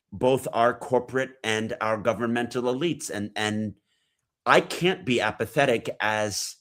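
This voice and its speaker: Earnest, explanatory lower-voiced American man. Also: fairly bright tone. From United States. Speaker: podcast guest, geopolitics analyst. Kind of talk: casual conversational interview.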